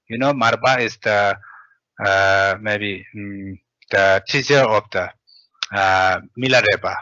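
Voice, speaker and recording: A man teaching a language lesson, reading syllables slowly with hesitant fillers. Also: lowish voice, bright, forceful tone, dry recording. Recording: dull lo-fi audio.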